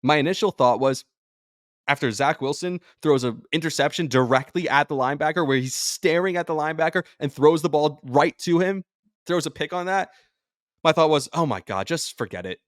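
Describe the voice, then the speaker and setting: A man's voice: a little high, normal speed, no echo, studio quality. A man hosting a sports podcast, talking in an emotional, rambling way that jumps between thoughts and sounds drained. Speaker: podcast host and sports radio personality.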